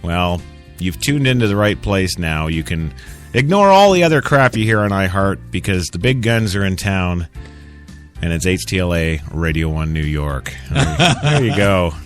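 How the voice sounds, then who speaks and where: A man's voice: low-pitched, big pitch swings, moderate pace, soft background music. A man with an American accent hosting a talk radio show, sarcastic and mocking, laughing often. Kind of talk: casual talk radio commentary.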